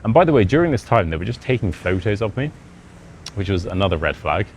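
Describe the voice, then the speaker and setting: A man's voice: fairly low pitch, very animated, fast talker, slight background noise. A young British man with a Modern RP accent, an English teacher casually telling a self-deprecating personal anecdote. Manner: chatty, self-deprecating, acts out quoted dialogue.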